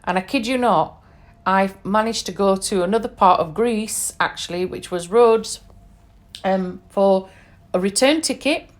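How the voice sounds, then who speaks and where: British woman telling travel stories. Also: medium pitch. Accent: British English. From England. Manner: conversational, emphatic, lots of fillers and asides. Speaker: podcast host. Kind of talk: personal storytelling monologue.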